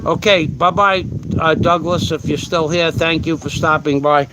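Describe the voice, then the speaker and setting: High-voiced man livestreaming outdoors, loud noise. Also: fairly even intonation, moderate pace. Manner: rough-spoken, swears freely, reads chat comments aloud. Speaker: livestream host. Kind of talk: casual livestream chat while working. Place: outdoors in a yard, working on metal.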